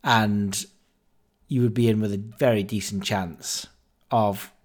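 A man's voice: on the low side, slow. Chatty man telling a story. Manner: chatty, animated anecdote-telling with fillers and quoted dialogue. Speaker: podcast host. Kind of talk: casual storytelling.

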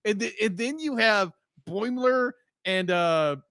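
A man co-hosting a podcast, excitedly gushing about a TV episode and laughing often. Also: sits high, slow pace, no echo, studio quality. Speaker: podcast co-host. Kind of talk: casual review chat.

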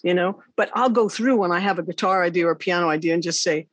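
A woman hosting an interview, a songwriter and teacher, telling animated, rambling stories in casual chat. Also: lowish voice, fast, slightly rough, dry recording.

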